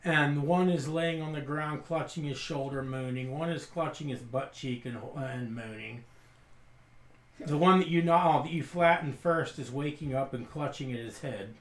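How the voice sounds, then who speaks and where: A man's voice: fairly high pitch, moderate pace, reverberant. A man narrating a tabletop role-playing game as game master, often stumbling and restarting his descriptions.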